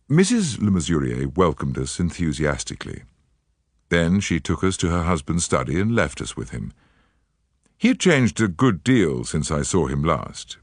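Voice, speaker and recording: Male audiobook narrator, low voice with wide inflection, dry close mic. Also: no echo. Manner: expressive, measured storytelling.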